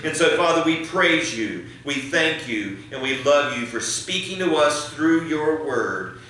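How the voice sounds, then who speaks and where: A man's voice: fairly high pitch, lively intonation, unhurried, pushed and bright. A man preaching a sermon as pastor, building emphasis and leading prayer. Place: church sanctuary. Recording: echoey church hall, mic at a distance.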